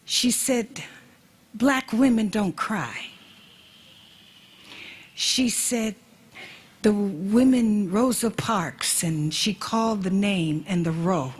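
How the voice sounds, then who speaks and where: A woman from the United States who serves as an ambassador, giving an emotional memorial speech at a slow, measured pace and repeating key phrases for emphasis. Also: mid-range voice, breathy edge.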